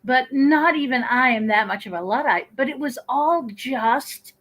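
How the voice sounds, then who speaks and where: A woman talks over a home computer from her kitchen, clearly enjoying a good story. Her voice sits a little high and rings bright. She drops into other people's voices for lively quoted asides. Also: unhurried, rough recording. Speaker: guest teacher. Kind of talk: casual live-stream chat.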